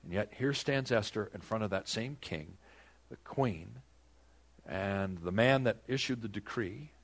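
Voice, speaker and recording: A man's voice: fairly low pitch, unhurried. A man preaching a Bible-teaching sermon, asking rhetorical questions and dramatizing the text.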